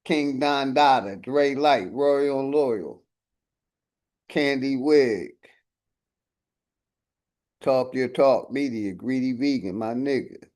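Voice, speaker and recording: A man hosting a livestream, laid-back, reading off shout-outs to his chat. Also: mid-range voice, slow, pauses often. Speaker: livestream host.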